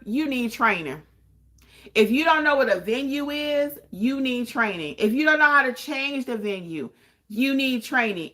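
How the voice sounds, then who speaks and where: Slightly high, bright, and forceful, this woman's voice carries her livestream chat as a podcast host and notary trainer. She fields viewer questions emphatically, hammering points home by saying them again.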